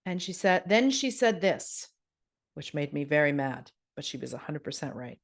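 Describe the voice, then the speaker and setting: Brief: middle-aged woman, lowish voice, frank storytelling host, casual and candid. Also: big pitch swings, moderate pace, creaky. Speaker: podcast host and yoga teacher. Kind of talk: personal storytelling monologue.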